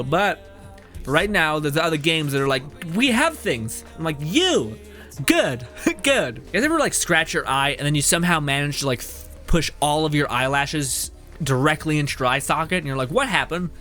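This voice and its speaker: A man's voice: fairly high pitch, fairly bright tone. A man streaming a game, chatting casually with viewers and reading out their messages, laughing often and swearing freely.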